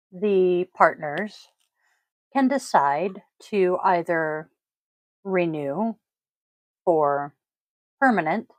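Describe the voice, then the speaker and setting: A woman hosting her own podcast, talking casually and deliberately, stressing key words with frequent ums. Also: mid-range voice, dry recording, poor audio. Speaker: podcast host. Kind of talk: casual solo podcast talk.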